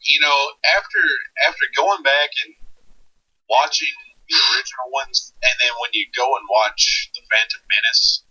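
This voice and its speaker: A man guest on a podcast, joking around in animated, casual banter with a husky voice. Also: medium pitch, normal speed, distant mic. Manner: jokey, animated. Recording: dull lo-fi podcast sound.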